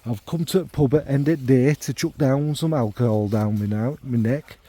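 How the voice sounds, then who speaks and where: A man voicing a gruff northern male manual worker unwinding at the pub, with a hearty, boisterous northern English accent. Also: mid-range voice, moderate pace, mellow, no room sound, close to an everyday voice.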